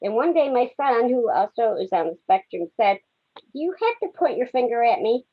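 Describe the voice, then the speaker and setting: Lively woman on a dull call line. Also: fairly high pitch, moderate pace, slightly rough. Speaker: workshop co-presenter. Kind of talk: online workshop talk. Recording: dull lo-fi video call audio.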